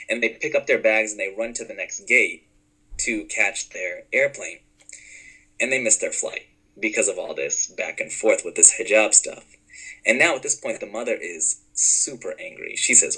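A man with a rather low voice and a bright, forceful edge narrates a story in conversation. He tells it with animation and slips into the voices of the people in it. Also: moderate pace, slightly rough, low-quality recording. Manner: animated, acts out dialogue in the story. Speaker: guest storyteller.

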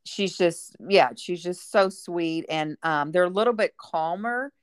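A woman's voice: fairly low pitch, a little slow, clean tone, dry recording, studio quality. A middle-aged woman chatting casually as a guest, rambling with lots of fillers. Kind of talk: casual chat.

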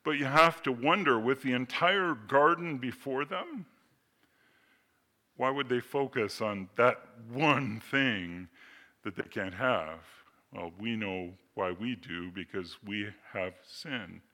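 A man preaching a sermon, explaining scripture with slow readings, asides and rhetorical questions. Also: mid-range voice, pushed and bright. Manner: expository teaching, reads scripture slowly, asides and rhetorical questions. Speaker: pastor.

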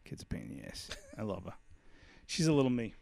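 A man's voice: mid-range voice, animated, fast talker, gravelly, heavy background noise. A middle-aged man co-hosting a podcast in casual chat, joking and teasing, and swearing freely. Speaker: podcast co-host.

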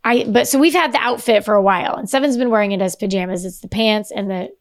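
A woman's voice: medium pitch, fast talker. A woman co-hosting a podcast in casual chat, rambling and trailing off mid-sentence. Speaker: podcast co-host.

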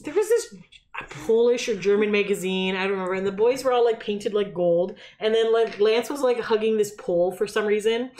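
A woman's voice: medium pitch, brisk, a little mellow, echoey room, a little hiss or hum. A woman in her thirties co-hosting a podcast, chatting casually and rambling through stories while laughing. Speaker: podcast co-host. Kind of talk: casual chat.

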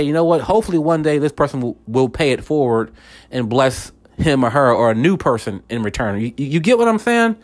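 A man hosting a podcast, talking through a casual faith monologue, repeating words and often checking in with listeners. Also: a little high. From United States. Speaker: podcast host.

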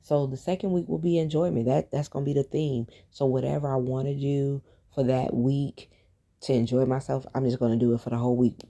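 Woman podcast host, low fry in her voice, loose rambling reflective chat. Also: fairly even intonation, fairly quick, dark tone. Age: adult, has a daughter. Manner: reflective, conversational, many fillers and restarts. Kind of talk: casual solo podcast talk.

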